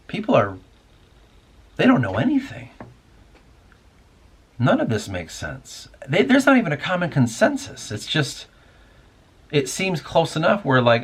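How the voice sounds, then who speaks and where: A man's voice: a little high, huge pitch swings, a little slow, pauses often, slightly rough. A man hosting a casual spoken monologue, rambling and musing aloud with plenty of swearing. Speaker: podcast host.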